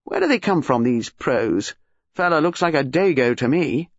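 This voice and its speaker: Gruff scowling Englishman, clipped, husky and dry, voiced by a male reader. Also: medium pitch, expressive, normal speed, no room sound, dull audio. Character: gruff middle-aged Englishman, suspicious and scowling.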